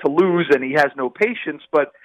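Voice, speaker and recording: A man's voice: fairly high pitch, expressive, normal speed, dry recording, lo-fi sound. Emphatic sports reporter man, dry sound. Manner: emphatic, conversational, addresses the hosts as guys. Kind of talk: sports radio chat.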